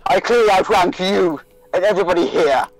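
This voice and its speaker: A man's voice: sits high, brisk, soft background music, rough recording. A man voicing a haughty, self-important noblewoman priestess, pompous and commanding, over an online call. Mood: imperious.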